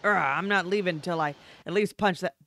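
A woman's voice: on the low side, a little fast, vocal fry. A woman streamer chatting casually and poking fun at herself while playing a game, with game music behind. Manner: chatty, self-mocking, loud outbursts. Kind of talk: casual gameplay commentary.

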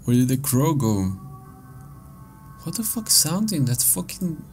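A man's voice: on the high side, sing-song, a little slow, a little mellow, faint music behind. A man commentating his own playthrough of a horror game, swearing a lot and reacting with startled outbursts. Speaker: gameplay commentator. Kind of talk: let's play commentary.

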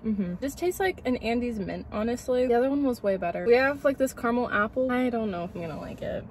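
A woman's voice: fairly high pitch, animated, fast, a little mellow, slight background noise. Chatty young woman reviewing food outdoors. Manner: chatty, gushing, lots of "like" and hums of delight. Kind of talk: casual vlog review. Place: outdoors near a road, cars passing.

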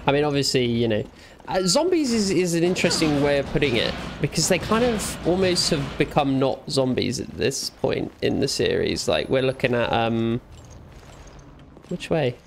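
A man's voice: medium pitch, very animated, moderate pace, creaky, slight background noise. A young man giving playful let's play commentary, teasing and talking back to the game's characters. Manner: jokey, teasing, talks back to game characters. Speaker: gamer.

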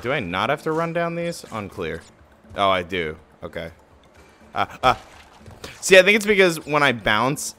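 An excitable man livestreaming a platform game. His voice swings widely in pitch and has a bright, forceful edge. He swears freely and mocks his own mistakes, with faint game music playing behind him. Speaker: game streamer. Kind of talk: live gameplay commentary.

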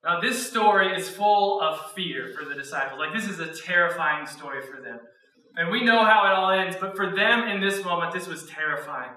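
A man preaching in a church auditorium, telling the story with animated quotes and frequent laughs. His voice sits high and sounds very bright. It rings through an echoey hall, picked up from some distance. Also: normal speed. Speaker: student pastor. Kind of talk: sermon.

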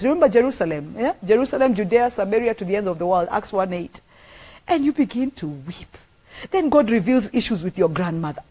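A woman's voice: fairly high pitch, darkish tone, husky. A middle-aged woman with a Kenyan accent delivers a sermon. She talks earnestly and with emphasis, and she repeats phrases to drive each point home. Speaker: pastor.

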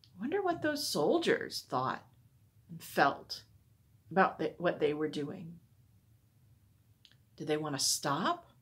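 A woman on a church staff reading a Bible story aloud to children, expressive and asking wondering questions. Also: low voice, slow pace, pauses often, husky.

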